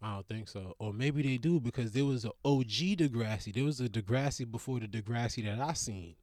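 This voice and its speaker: A young man riffing in a casual comedic monologue, rambling and profane, with big jumps up in pitch when he gets worked up. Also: a little fast, darkish tone, no room sound, studio quality. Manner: trails off into mutters.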